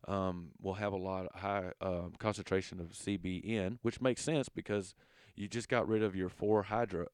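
A man with a Southern accent giving a casual lesson, relaxed and full of fillers, stumbling over long chemical names. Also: fairly low pitch, clean tone, no room sound, clean studio sound. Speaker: educator.

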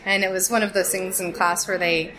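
A woman's voice: mid-range voice, a little fast, background noise. Woman in her forties reminiscing. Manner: steady, fond recollection. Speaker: interviewee, longtime friend. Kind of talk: casual reminiscing. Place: Tacoma, Washington.

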